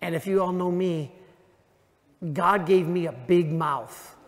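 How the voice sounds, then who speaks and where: A priest preaching with emphatic weight, his voice high for a man and delivered at an unhurried pace. The sound carries the long reverb of a big church hall. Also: background noise. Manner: emphatic preaching, slows down for key lines. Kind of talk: sermon at a parish retreat. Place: large church.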